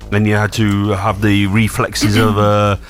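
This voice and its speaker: A man's voice: fairly low pitch, completely flat delivery, a little slow. A man co-hosting a radio show, teasing and getting nerdy about arcade games. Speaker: radio co-host. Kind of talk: casual radio chat. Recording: music playing faintly behind.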